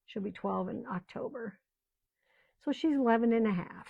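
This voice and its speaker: A woman's voice: on the high side, moderate pace, creaky, lo-fi sound. An older woman chatting casually as she crafts at home, rambling and often trailing off mid-sentence. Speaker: crafting channel host. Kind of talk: casual chat while crafting.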